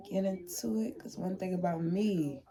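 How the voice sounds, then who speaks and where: A woman's voice: on the low side, mellow. A young woman talking to the camera from her room in a heartfelt, chatty vlog, repeating herself as she speaks. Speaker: vlogger. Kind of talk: emotional casual vlog to camera.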